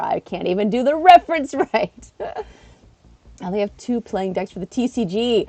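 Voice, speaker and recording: A young woman streamer chatting casually to her live-stream viewers, acting out quoted people in an animated way and laughing often. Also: normal speed, gravelly, pauses often, dry recording, soft background music. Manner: animated, acts out quotes with big pitch jumps. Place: living in Japan.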